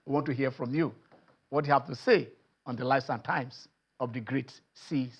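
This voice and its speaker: A Nigerian man hosting a sports phone-in show, excitable and repetitive, often trailing off mid-sentence. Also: mid-range voice, normal speed. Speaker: sports talk show host. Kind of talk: animated phone-in sports talk.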